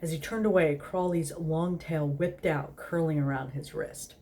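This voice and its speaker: A woman's voice: sits low, fairly even intonation, normal speed, darkish tone, a little hiss or hum. A tipsy woman host reading a story aloud in a casual, giggly way, stumbling over words.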